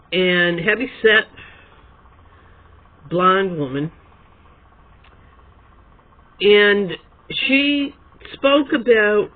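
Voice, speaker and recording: A video blogger with a high, slightly rough voice tells a long, digressive story to the camera on his desk at home, a quilt behind him. He is chatty and keeps correcting himself, and the sound is tinny, like a phone.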